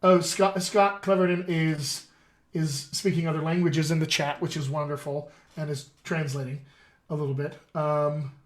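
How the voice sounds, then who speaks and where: A man's voice: a little high, little pitch movement, normal speed. Upbeat male dialect coach hosting a live stream. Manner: upbeat, salesy, calls viewers "my friends".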